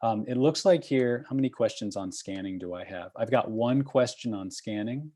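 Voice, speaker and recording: A man with a somewhat low voice teaches over a video call. He is patient and encouraging, and he checks in with his class again and again. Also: normal speed, mellow. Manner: patient, encouraging, checks in with frequent "okay?" and "right?". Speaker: course instructor. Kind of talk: online review session.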